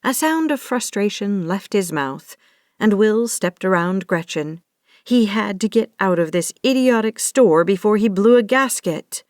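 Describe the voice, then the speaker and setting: A woman reads an audiobook romance at a slow, measured pace. Her voice is even and steady. The recording is close and dry, with no room sound. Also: mid-range voice, no room sound. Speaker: audiobook narrator. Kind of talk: scripted narration.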